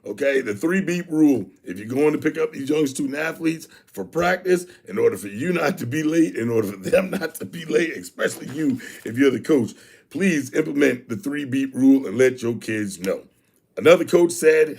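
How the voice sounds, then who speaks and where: A man hosting a youth sports show in casual live-stream chat, animated, repeating phrases and shouting out viewers by name. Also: mid-range voice, a little fast, vocal fry.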